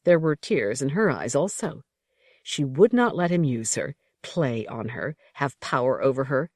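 A narrator reading a novel aloud in a measured storytelling manner. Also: medium pitch, animated, dry recording, clean studio sound. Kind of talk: audiobook narration.

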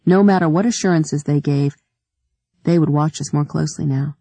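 Woman audiobook narrator, dark mellow tone, dry close sound, measured delivery. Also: sits low, husky, dry recording. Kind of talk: scripted narration.

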